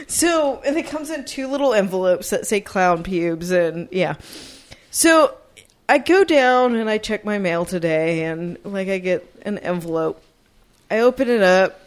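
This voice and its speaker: A podcast co-host with a medium-pitched voice and a measured pace tells stories in a casual chat. She laughs often, swears freely, and keeps her storytelling animated.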